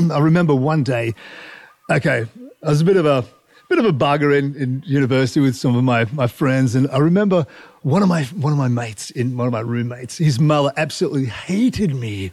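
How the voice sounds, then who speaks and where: A middle-aged man, a marine scientist telling stories as a guest, animated and often laughing. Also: mid-range voice, brisk, no room sound. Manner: animated, laughs often, restarts mid-phrase. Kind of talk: casual storytelling chat.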